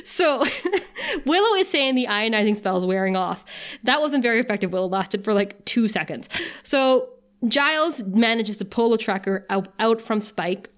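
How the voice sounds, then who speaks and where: Woman podcast co-host, casual recap, loose and giggly, slightly high voice. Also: animated, moderate pace. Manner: chatty, laughs often, filler "like".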